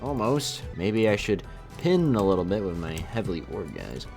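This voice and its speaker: A man's voice: low voice, big pitch swings, moderate pace, darkish tone, soft background music. A man giving casual, sarcastic let's-play commentary while playing a strategy game. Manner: sarcastic, playful, exclaiming. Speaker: gaming YouTuber.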